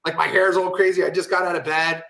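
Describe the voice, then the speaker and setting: High, bright-voiced man telling stories. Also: fast, creaky. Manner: animated, profane, full of fillers and asides. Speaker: guest entrepreneur. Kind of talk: casual storytelling interview.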